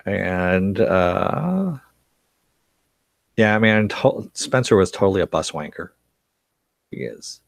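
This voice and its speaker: In a deep voice with vocal fry, a man recaps a TV series on a live stream, very animated yet slow and pausing often. The recording is dry; he reads out chat comments, laughs a lot, and rambles with many fillers and restarts.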